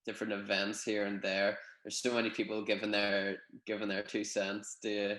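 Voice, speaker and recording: A young man from Northern Ireland with a Northern Irish accent, chatting in a relaxed, rambling way with many fillers on a video call. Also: fairly low pitch, moderate pace, echoey room, rough recording. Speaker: guest, gymnast. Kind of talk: casual interview over video call.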